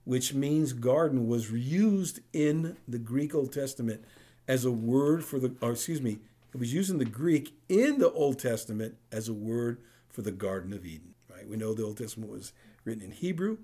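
A man preaching a sermon as pastor, in a conversational way, often checking in with the congregation with a quick "right?". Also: medium pitch, lively intonation, dark tone.

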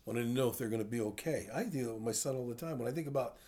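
A man's voice: mid-range voice, racing, warm tone. Older man preaching a conversational sermon. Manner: conversational teaching, asks the audience questions. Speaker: pastor. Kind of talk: sermon teaching.

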